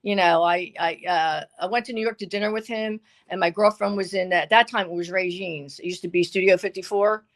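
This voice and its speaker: A woman's voice: on the low side, fairly even intonation, brisk, hardly any pauses. An older woman tells a long dating story in a chatty, casual way. She acts out the voices of the people she quotes, lifting and dropping her voice as she goes. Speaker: guest.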